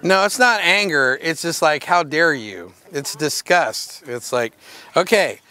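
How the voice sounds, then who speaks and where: A man teaching a hands-on workshop, his voice sitting a little higher than most men's. He gives short, direct commands and mixes in playful asides between them. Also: animated, a little slow, bright, forceful tone. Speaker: dog show handling instructor.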